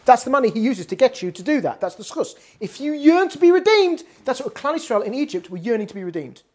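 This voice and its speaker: A woman's voice: on the high side, expressive, fast talker, darkish tone, breathy edge. A woman giving a weekly Torah class on prayer, talking emphatically with frequent restarts. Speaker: Torah teacher.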